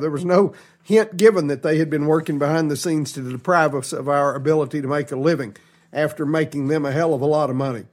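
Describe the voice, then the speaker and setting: A man hosting a political talk show, emphatic and indignant, with frequent restarts. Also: a little high. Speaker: radio show host.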